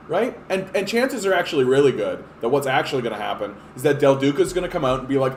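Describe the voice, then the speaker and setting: Talking fast in a high voice with hardly a pause, a man hosts a political podcast and rants casually, exasperated and swearing often. He is animated and uses many fillers. The recording has an echoey room and faint hiss.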